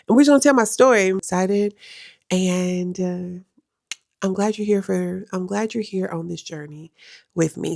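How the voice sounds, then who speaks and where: A woman's voice: medium pitch, vocal fry, no echo, clean studio sound. A young adult woman vlogging at home, talking to the camera in a casual, emphatic way and repeating phrases for effect. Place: at home in her room.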